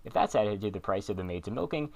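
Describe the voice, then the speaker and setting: A man delivering scripted comedic narration in a sarcastic, deadpan way with quick asides. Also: on the low side, vocal fry. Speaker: comedy video host.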